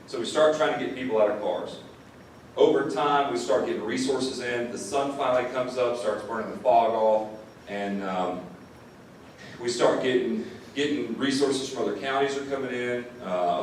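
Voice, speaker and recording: A man who is a sheriff's deputy, telling an audience a first-person story in an earnest way, often repeating words when moved. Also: medium pitch. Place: classroom or lecture hall. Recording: distant mic in an echoey room, faint noise.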